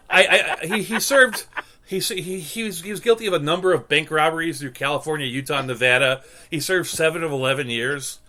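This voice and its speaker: A man in his thirties co-hosting a podcast in casual chat, rambling with halting restarts and deadpan jokes. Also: fairly high pitch. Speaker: podcast co-host.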